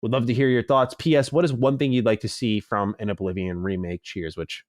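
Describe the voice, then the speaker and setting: A man co-hosting a gaming podcast in casual, animated chat, swearing now and then and reading listener mail. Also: fairly low pitch, brisk, no room sound, studio quality. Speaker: podcast co-host.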